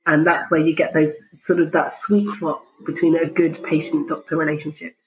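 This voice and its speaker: A woman working as a family doctor, talking in a jovial, animated way in an interview and laughing often. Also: deep voice, moderate pace, rough recording. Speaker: GP, interview guest. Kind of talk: conversational interview.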